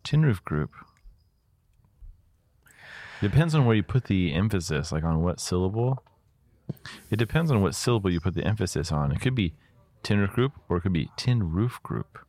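Lively-pitched man joking on a podcast. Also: fast talker, dry recording. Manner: joking, laughs often, animated. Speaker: podcast co-host. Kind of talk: casual chat.

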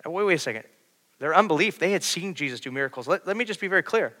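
A man preaching a sermon, shifting between quiet storytelling and loud, urgent preaching. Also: on the high side, expressive, racing. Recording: long hall reverb.

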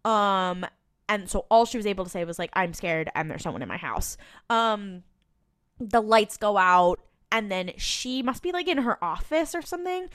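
A woman's voice: medium pitch, expressive, normal speed, fairly bright tone, smooth. A woman co-hosting a podcast, chatting casually as she retells scenes with quoted lines and the odd swear. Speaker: podcast co-host. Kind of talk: casual recap chat.

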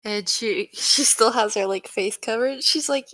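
Woman player, high voice, giggly, acts her character, dry close sound. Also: measured pace, a bit bright, dry recording. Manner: giggly, plays her character in first person. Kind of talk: tabletop role-play.

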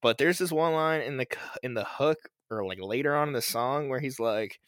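A man's voice: mid-range voice, fairly quick, a bit bright, dry recording, clean studio sound. A man co-hosting a podcast, chatting casually about new music, rambling with fillers and laughing as he goes. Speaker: podcast co-host. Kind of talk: casual music review chat.

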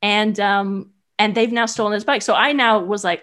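Young woman guest; animated, filler-heavy storyteller. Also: medium pitch, moderate pace. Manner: animated, chatty, many "like" fillers. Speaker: guest, solo traveler. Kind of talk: casual storytelling.

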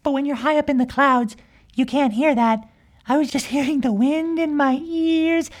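A woman's voice: sits high, fairly even intonation, moderate pace, lightly acted. Sprinkles, a woman doing a giggly young unicorn. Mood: chatty. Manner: giggly, rambling, childlike. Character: cheerful young magical unicorn girl, mischievous. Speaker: podcast character. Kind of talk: improvised comic storytelling.

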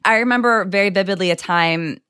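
A woman's voice: medium pitch, a little fast, clean tone, no room sound, studio quality. A woman being interviewed as a self-defense expert, telling personal stories earnestly and acting out what people said. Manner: earnest, animated storyteller, acts out quoted lines.

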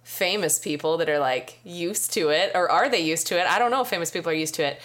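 A woman's voice: fairly low pitch, fast talker, a bit bright. A young adult woman co-hosting a podcast, slightly nasal, chatting and laughing often. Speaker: podcast co-host. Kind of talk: casual chat.

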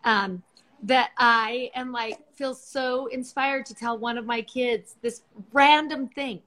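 A woman's voice: fairly high pitch, steady tone, slow pace. A woman co-hosting a casual faith discussion, affirming and responsive, a mother. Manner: affirming, warm listener. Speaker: podcast co-host.

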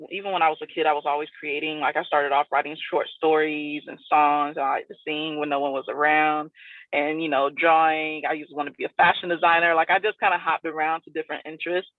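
Heard on a dry, tinny line resembling a phone call, with no echo, a low-voiced guest artist from South Florida rambles loosely through a casual interview. She leans constantly on fillers such as "like" and "you know."

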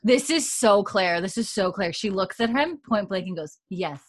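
A young woman co-hosting a casual podcast, retelling a scene in an animated way with lots of fillers. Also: mid-range voice, normal speed, very noisy. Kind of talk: casual chat.

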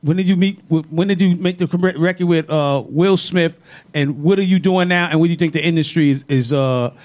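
A man interviewing a guest in loose, casual talk. His voice sits high, and he stumbles over his words, repeating himself as he sets up each question. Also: fairly quick, darkish tone.

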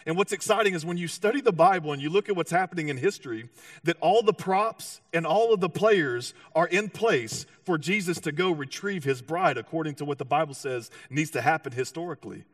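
A man preaching a sermon with animated storytelling, acting out voices and often restarting his sentences. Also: a little high, a little fast, no room sound, clean studio sound, far from the mic. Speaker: pastor.

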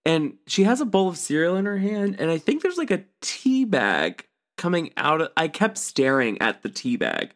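A man's voice: on the high side, very animated, moderate pace, hardly any pauses. A man co-hosting a podcast in casual chat, gossipy and giggly, talking in long breathless run-on sentences. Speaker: podcast co-host. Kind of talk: casual chat recapping a TV show.

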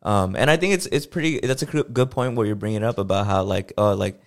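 Gravelly low-voiced man, casual chat. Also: fast talker. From United States. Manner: relaxed, loose, heavy use of fillers. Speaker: podcast co-host.

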